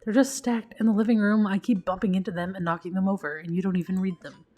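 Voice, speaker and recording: A woman's voice: medium pitch, fast, lightly acted. Woman doing a bubbly eager teen daughter. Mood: exasperated. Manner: bubbly, excited. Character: young adult daughter, eager and chatty.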